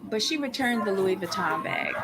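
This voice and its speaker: A woman's voice: medium pitch, heavy background noise. A woman co-hosting a reality TV recap show, talking in a sassy, blunt way and exclaiming at the cast. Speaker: podcast co-host.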